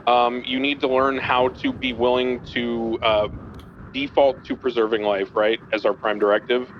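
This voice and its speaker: A man's voice: medium pitch, flat delivery, normal speed, highs cut off, a little hiss or hum. A man playing a senior police instructor, briefing trainees bluntly and emphatically in a game roleplay. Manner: blunt, emphatic, swears casually.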